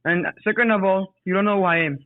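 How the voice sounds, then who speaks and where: A man's voice: sits high, fast. A man calling in to a show, ranting aggressively and hurling insults. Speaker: caller. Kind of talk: angry call-in rant. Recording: tinny phone line.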